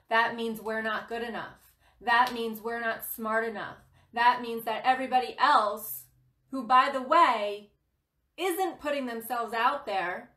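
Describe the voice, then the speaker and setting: A woman's voice: fairly high pitch, fairly bright tone, echoey room. A woman hosting a spiritual guidance livestream, giving an emphatic motivational talk. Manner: passionate, emphatic, laughs often.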